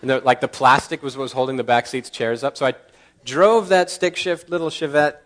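Man, pastor, sermon, mid-range voice, animated storyteller, acts out dialogue, laughs at own jokes. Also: mid-range voice, fairly quick. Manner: laughs at his own stories.

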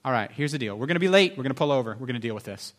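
A man preaching a sermon as pastor, swinging between loud emphasis and soft, confessional asides. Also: medium pitch, lively intonation, very fast.

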